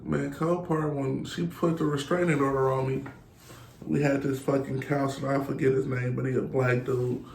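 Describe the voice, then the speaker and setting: His voice is medium-pitched, level and a little mellow, with a creaky texture and a normal pace. He's a thirty-something podcast guest trading crude, blunt stories and quoting people, recorded in an echoey room with faint hiss.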